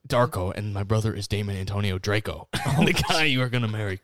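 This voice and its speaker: Young man, smooth voice, laughs a lot. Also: fairly low pitch, expressive, fairly quick, a bit bright. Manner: laughs often, reads lines in a sarcastic put-on voice. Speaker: podcast co-host. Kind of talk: casual podcast chat, mock-reading a story.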